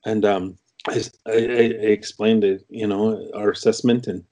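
Halting, lower-voiced man telling a story. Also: fairly even intonation, warm tone. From Canada. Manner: halting, many restarts and fillers. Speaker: interview guest. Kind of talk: casual storytelling.

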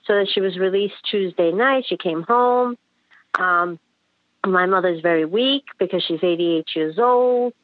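A woman calling in to a show, speaking haltingly with many fillers. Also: fairly low pitch, no room sound. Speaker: caller. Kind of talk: phone call to a radio show. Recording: tinny phone line.

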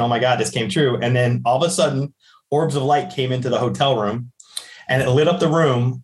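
A man, a podcast guest and psychic medium, telling a personal story in conversation and acting out the dialogue he quotes. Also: medium pitch.

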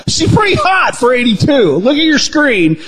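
A man's voice: extremely high pitch, sing-song, unhurried, fairly bright tone, breathy edge. A man co-hosting a crude comedy news podcast, rambling and teasing with mock outrage. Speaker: podcast co-host.

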